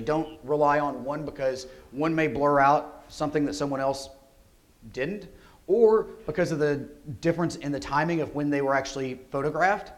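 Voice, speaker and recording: A man giving a security conference talk, energetic and conversational, often asking rhetorical questions. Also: fairly high pitch. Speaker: conference speaker. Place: conference hall.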